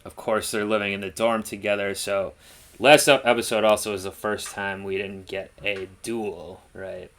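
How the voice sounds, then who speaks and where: Man, low flat gravelly voice, rambling casual chat, reaction show co-host. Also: normal speed. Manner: rambling, laid-back, filler-heavy.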